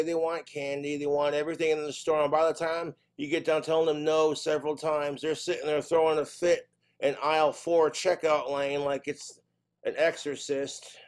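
A man performing a stand-up comedy routine, telling exasperated, profane stories and slipping in quick put-on voices. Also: on the high side, darkish tone.

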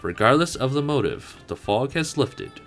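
A man voicing a dignified, noble dojo master who speaks in a grand, formal, measured way. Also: medium pitch, animated, fairly bright tone, faint music behind, pitched above the performer's own voice, natural voice. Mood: solemn.

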